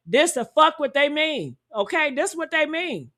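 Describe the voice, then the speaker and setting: A woman giving heated, profane reaction commentary, talking loudly and indignantly and calling out to her viewers. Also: high voice, sing-song, a little slow. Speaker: commentary streamer.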